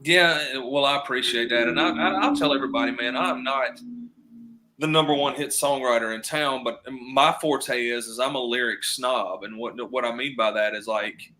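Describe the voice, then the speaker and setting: A man's voice: medium pitch, steady tone, moderate pace, sharp tone, a little hiss or hum. A man, a guest chatting casually on a podcast and telling stories with acted-out quotes. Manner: storytelling, acts out quoted voices, drawling repeats.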